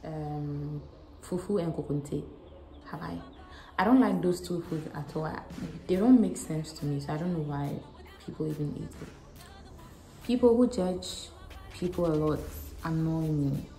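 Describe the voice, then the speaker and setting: A young woman from Ghana, answering questions in a casual vlog with a frank, animated, self-mocking manner. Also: deep voice, unhurried. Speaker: vlogger. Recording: echoey room with faint music.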